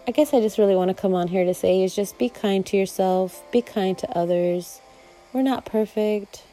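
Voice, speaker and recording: A woman's voice: mid-range voice, normal speed, dark tone, soft background music, rough recording. A woman vlogger talking casually and reflectively to her viewers, rambling a little and laughing now and then. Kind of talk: casual heartfelt monologue to viewers.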